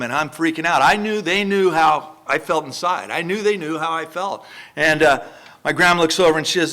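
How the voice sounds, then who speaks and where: Sharing his story at a recovery meeting, a Southern California man in his sixties talks fairly quickly in a somewhat high, sharp voice. He's blunt and earthy, wandering into rambling "you know" asides.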